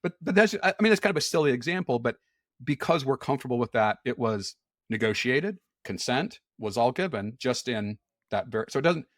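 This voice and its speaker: A man's voice: mid-range voice, expressive, brisk, no echo, studio quality. A man talking as a podcast guest in candid, conversational chat. He is frank, often repeats words and restarts, and laughs easily.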